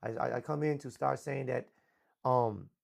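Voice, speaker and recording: With a medium-pitched, creaky voice at normal speed, this man hosts a livestream talk show. He rants loudly, swearing and boasting.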